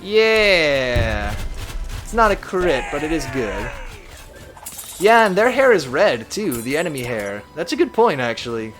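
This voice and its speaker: A man's voice: a little high, a little slow, faint music behind. A man live-streaming a strategy game, chatting casually and reading viewer messages aloud. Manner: reads chat aloud, chatty and animated.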